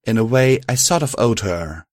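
A man reading a first-person fan fiction story aloud, steady and even. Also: mid-range voice, moderate pace, no room sound, studio quality. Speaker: narrator.

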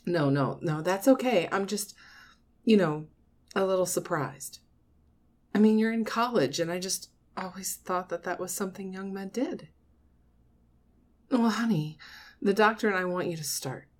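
A woman playing a soft, doting mother. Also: medium pitch, natural voice. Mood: soothing. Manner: soft, coaxing, slow, with frequent nervous laughs. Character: doting middle-aged mother talking to her grown son. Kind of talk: audio role-play.

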